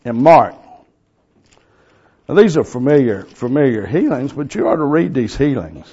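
A man preaching a sermon in a folksy, storytelling way, excitable and quick to laugh. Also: medium pitch, husky. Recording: lo-fi recording.

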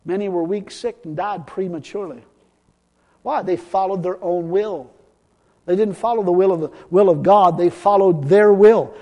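A man preaching a sermon as pastor, talking conversationally, repeating himself and swelling louder for emphasis. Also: sits high, normal speed, muffled recording. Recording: long hall reverb.

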